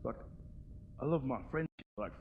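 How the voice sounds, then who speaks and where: A man in his thirties doing live stand-up comedy, animated and cheeky, acting out little voices. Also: mid-range voice, normal speed, vocal fry, a little hiss or hum. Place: large theatre stage. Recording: roomy lo-fi VHS stage recording.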